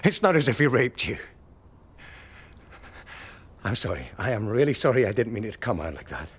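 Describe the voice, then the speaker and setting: An actor playing a protective senior detective, hushed and soothing then forceful. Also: male voice, mid-range voice, very animated, normal speed, breathy edge. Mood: apologetic. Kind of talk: TV drama acting.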